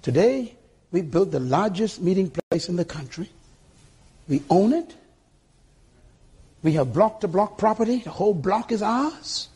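Husky older male preacher, animated. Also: sits high, a little slow, pauses often. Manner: emphatic, calls for congregation responses. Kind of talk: sermon. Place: church sanctuary.

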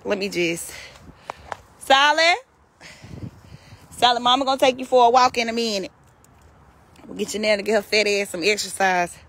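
A woman with a mid-range voice speaks fast outdoors, with a little hiss or hum in the recording. She's a vlogger chatting casually while calling her farm animals and scolding them as though they were naughty kids.

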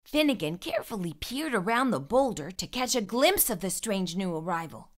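A woman hosting a children's storytime, reading a picture book aloud in an expressive, animated way. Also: medium pitch, moderate pace, hardly any pauses. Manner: warm expressive read-aloud. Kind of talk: read-aloud storytelling for kids.

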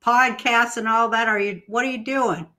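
A woman's voice: on the high side, fairly even intonation, moderate pace, bright, forceful tone. A woman hosting a casual interview who drops short remarks and asks questions. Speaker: host.

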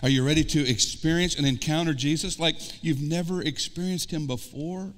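A man's voice: on the high side, normal speed. A man with an American Midwestern accent, preaching an earnest sermon as pastor and putting questions straight to his congregation. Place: church sanctuary. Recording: long church reverb.

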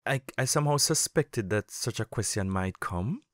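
A man, a podcast host being interviewed on his own show, answering deliberately with many fillers and repeated phrases. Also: lowish voice, expressive, no room sound, studio quality.

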